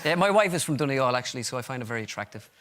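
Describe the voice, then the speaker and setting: A man's voice: medium pitch, expressive, very fast, noisy background. A man with an Irish accent, a comedian guest telling chatty, rambling, self-mocking stories on a talk show. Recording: loud studio audience laughter behind.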